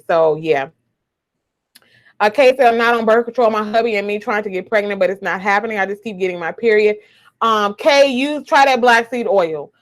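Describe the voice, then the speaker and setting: A woman's voice: mid-range voice, normal speed, fairly bright tone. A young adult woman, chatting emotionally to viewers on a live stream from home, repeating herself, recorded on a webcam or phone. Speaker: YouTuber. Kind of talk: casual live stream chat.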